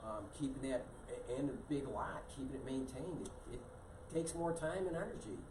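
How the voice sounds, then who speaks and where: Real estate co-host giving practical tips, kinda halting, far from the mic, echoey and hissy. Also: male voice, medium pitch, animated, dark tone. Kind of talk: casual live-stream chat.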